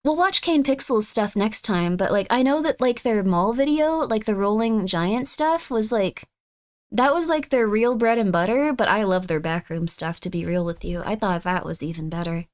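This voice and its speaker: At a normal speed, a female streamer rambles through casual live conversation. Whenever she reacts to chat, she squeals suddenly and high, her pitch swinging broadly.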